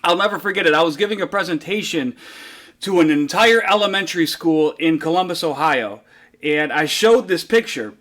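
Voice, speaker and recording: A man giving a motivational keynote talk, telling a story in an animated way and building to rhetorical climaxes. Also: a little high, normal speed. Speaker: motivational speaker.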